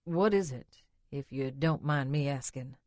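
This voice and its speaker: A woman voicing a young man who is gentle and concerned for his partner. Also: very deep voice, unhurried, dry recording, voice pushed down.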